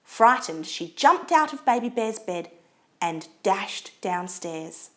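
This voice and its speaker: A woman reading a children's storybook aloud in an expressive, lilting way. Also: medium pitch, slow.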